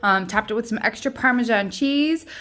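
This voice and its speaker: A woman's voice: on the high side, moderate pace, noisy background. A young woman chatting casually as she cooks and hosts her own vlog, rambling a little with plenty of ums. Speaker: home cook and channel host. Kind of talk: casual cooking vlog chat.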